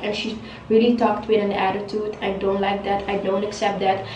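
A woman's voice: medium pitch, little pitch movement, moderate pace, darkish tone, far from the mic, muffled recording, slight background noise. A young woman venting to camera as a hair vlogger, frustrated and repetitive, swearing freely. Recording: roomy echo, voice a bit off-mic.

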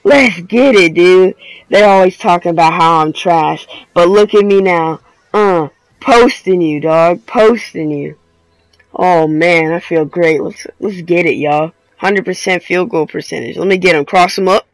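A young man giving live, excitable commentary on his own basketball video game match, full of slangy trash talk. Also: high voice, measured pace, dry recording, low-quality recording. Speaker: gaming video creator.

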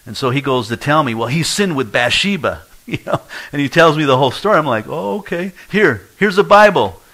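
A man's voice: medium pitch, animated, quick pace, pushed and bright, low-quality recording. A middle-aged pastor preaching a sermon in a church, telling his own story and acting out the voices of people he quotes. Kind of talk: sermon with personal testimony.

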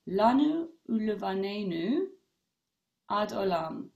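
A woman rabbi with a medium-pitched, gravelly voice leads a casual online study session. She thinks out loud thoughtfully, using many fillers and restarts, and reads participants' comments aloud.

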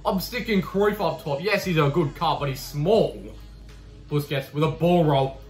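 A young man commenting on his own football video game matches, cheeky and swearing, his voice leaping high when he scores. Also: a little slow. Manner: cheeky, swears, bursts into high shouting over goals. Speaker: gaming YouTuber. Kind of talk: excitable gameplay commentary. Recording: roomy echo with faint music.

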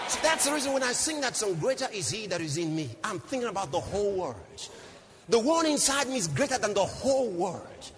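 A man preaching a sermon as pastor, swinging from low murmurs to shouts and repeating phrases for emphasis. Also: big pitch swings, quick pace. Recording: long hall reverb, faint noise.

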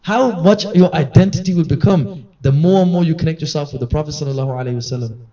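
In a gathering hall, an earnest male preacher with a mellow, somewhat high voice talks quickly, sounding distant and muffled. His sermon-style reminder is conversational, and he acts out quoted voices, captured by a far-off mic with dull lo-fi quality.

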